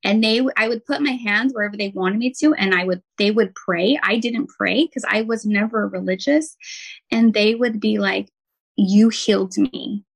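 Earnest woman with a gravelly edge. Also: medium pitch, normal speed, low-quality recording. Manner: earnest, heartfelt, with frequent "um" and "like". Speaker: podcast guest, intuitive healer and nurse. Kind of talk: personal storytelling in conversation.

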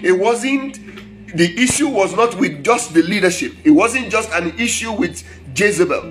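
A man preaching a sermon, reading scripture slowly and breaking off to explain it with asides and chuckles. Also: sits high, expressive, soft background music, low-quality recording.

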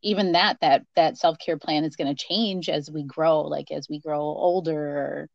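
A woman's voice: low voice, fairly even intonation, normal speed, vocal fry, no echo, lo-fi sound. A woman guest in a casual conversation, talking thoughtfully and hesitantly. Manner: thoughtful, hesitant, many fillers and restarts.

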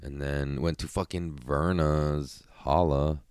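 A man's voice: extremely low pitch, fairly even intonation, takes it slowly, darkish tone, clear, resonant tone, no room sound, studio quality. A man hosting a solo podcast, rambling casually with constant profanity. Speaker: podcast host.

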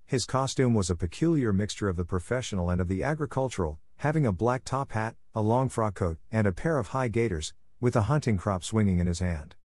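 Low-voiced man reading a classic story. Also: expressive, a little fast, hardly any pauses, a little mellow, dry recording, clean studio sound. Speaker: audiobook narrator. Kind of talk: scripted narration.

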